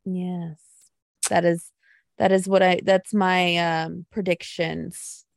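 A woman co-hosting a casual podcast chat, telling stories in an animated, gushing way. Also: on the low side, slow, creaky, no echo, clean studio sound.

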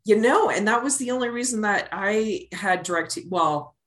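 A woman co-hosting a casual sports podcast, quick and blunt with wry asides. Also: mid-range voice, lively intonation, fairly bright tone, echoey room. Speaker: podcast co-host.

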